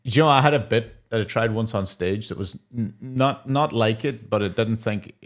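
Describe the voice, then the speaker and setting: A man's voice: lowish voice, normal speed. A young adult man co-hosting a comedy podcast, riffing casually and laughing often between jokes. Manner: jokey, laughs often, acts out quotes. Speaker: podcast co-host and stand-up comic.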